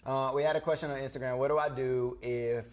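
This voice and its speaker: A man's voice: medium pitch, steady tone, quick pace, a little hiss or hum. Playful young man co-hosting a church show. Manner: playful, jokey, boastful about words. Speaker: youth show co-host. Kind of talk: casual church youth show chat.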